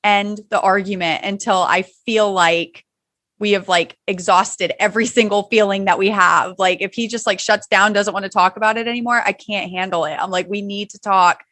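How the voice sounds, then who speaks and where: A woman's voice: mid-range voice, steady tone, moderate pace, fairly bright tone, no room sound. A woman co-hosts a casual podcast in a mid-range voice. She talks candidly and chattily, with plenty of fillers. The recording is dry and close. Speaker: podcast co-host.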